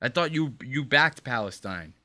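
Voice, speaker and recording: A man's voice: mid-range voice, animated, moderate pace, bright, forceful tone, no room sound. A man co-hosting a casual podcast, ranting with swearing and mock quotes, of Puerto Rican background. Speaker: podcast co-host.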